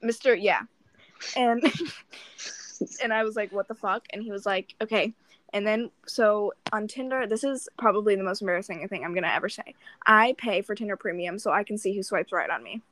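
In casual podcast chat, a young adult female co-host shares a dating story, swearing frequently and performing both parts of the exchange. She has a mid-range, slightly bright voice and a moderate pace.

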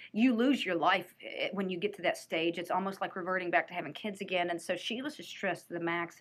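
A woman telling a personal story in an animated, earnest way, often restarting her sentences. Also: lowish voice.

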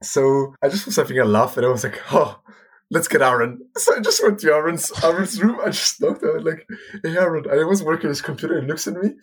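A young man guest on a podcast, hesitant with many restarts, animated when telling a story. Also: a little high, fast talker, few pauses, a little hiss or hum. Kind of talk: casual storytelling.

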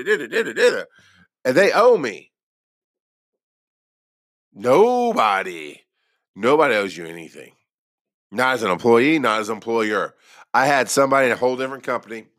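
A former paramedic with a mid-range, fairly bright voice describes his own experiences in a relaxed way. His telling rambles and is self-deprecating, full of restarts, and the recording is dry and studio-clean.

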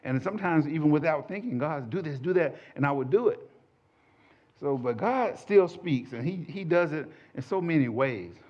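A man's voice: on the high side, normal speed. A man telling a church testimony to a small group in a folksy, conversational way. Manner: conversational, folksy, animated storytelling. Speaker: church minister giving a testimony. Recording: dull lo-fi audio.

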